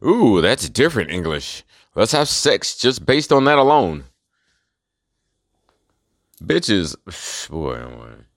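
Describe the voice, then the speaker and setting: Low, dry-voiced man ranting. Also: fairly bright tone, dry recording. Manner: profane, heated, conspiratorial ranting. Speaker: host. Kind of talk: solo rant monologue.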